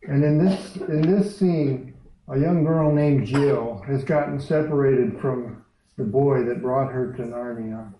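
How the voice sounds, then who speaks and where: A man preaching a sermon in a church, talking in an unhurried, conversational way and reading a story aloud. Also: medium pitch, dark tone, slight background noise. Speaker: pastor. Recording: echoey hall, distant dull mic.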